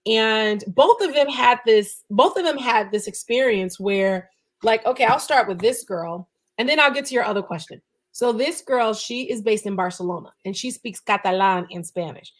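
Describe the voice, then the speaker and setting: A woman's voice: on the high side, normal speed. A woman guest on a podcast, talking casually and chattily, with lots of "like" and "you know".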